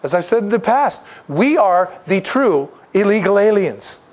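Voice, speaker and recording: A male pastor preaches a sermon conversationally at an unhurried pace, acting out the voices of people he quotes. His delivery swings widely in both pitch and loudness.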